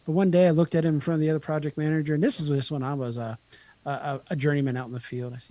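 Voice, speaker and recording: High-voiced blunt podcast co-host man. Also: little pitch movement, very fast. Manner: blunt, profane, loud banter. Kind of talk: casual podcast chat.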